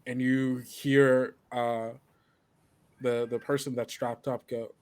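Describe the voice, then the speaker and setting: Slow, halting male game master. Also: mid-range voice, level tone, darkish tone, clean tone, no room sound. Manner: halting, full of fillers. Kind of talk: narrating a tabletop game.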